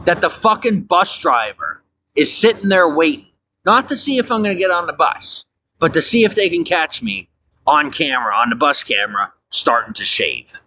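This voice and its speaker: A furious man swears and repeats himself in a long rant, his voice bright and forceful. He talks outdoors at night near a bench, with faint ambient sound around him. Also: fairly high pitch, sing-song, moderate pace, a little hiss or hum. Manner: profane, ranting, repetitive. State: angry. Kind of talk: angry monologue.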